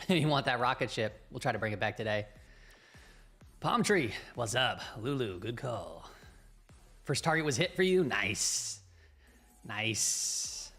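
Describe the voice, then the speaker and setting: A man's voice: mid-range voice, big pitch swings, a little slow, pauses often, bright, forceful tone, soft background music. A man hosting a live stream, upbeat and chatty, greeting viewers by name. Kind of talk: casual live-stream chat.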